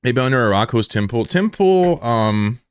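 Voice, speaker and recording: A man's voice: mid-range voice, lively intonation, normal speed, clear, resonant tone, no echo. A man streaming live, chatting casually with his viewers, joking and swearing as he banters with chat.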